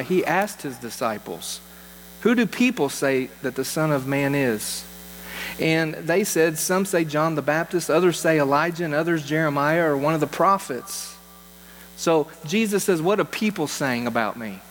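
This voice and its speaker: A man, a pastor, preaching a sermon in an earnest way, repeating key phrases for emphasis. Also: a little high. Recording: long hall reverb with faint mains hum.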